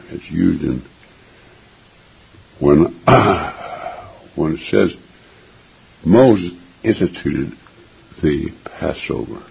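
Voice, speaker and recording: The preacher's voice is very deep, raspy and gravelly, his delivery slow and deliberate. Earnest and emphatic, he repeats important phrases for weight throughout the sermon, captured on a dull, lo-fi recording.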